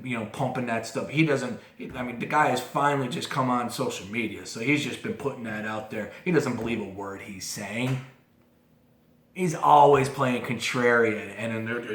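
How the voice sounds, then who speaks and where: A man's voice: medium pitch, fairly bright tone. Man, podcast host, casual sports rant, worked-up, echoey room. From moved to Philadelphia as an adult. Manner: opinionated, fired-up, lots of repeats and asides. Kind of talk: casual sports talk monologue. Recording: roomy echo.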